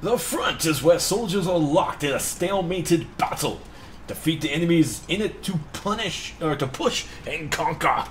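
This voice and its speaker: A young man talking over his gameplay in a fairly high, lively voice that jumps around a lot. He is excitable, curses freely and laughs at his own mistakes, with faint noise behind him. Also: normal speed. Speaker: gaming channel host. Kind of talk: casual gameplay commentary.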